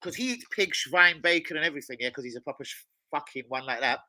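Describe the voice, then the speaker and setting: A man's voice: on the high side, fast talker, a little hiss or hum, rough recording. A man hosting a football watch-along, rambling and swearing freely in casual chat. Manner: rambling, excitable, swears a lot. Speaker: chef.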